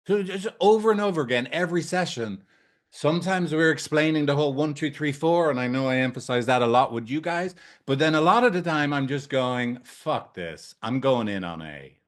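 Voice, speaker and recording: A man's voice: fairly high pitch, fairly quick. A male couples therapist giving a casual training talk in a room with a whiteboard. He is blunt and swears freely. He checks in with his listeners again and again.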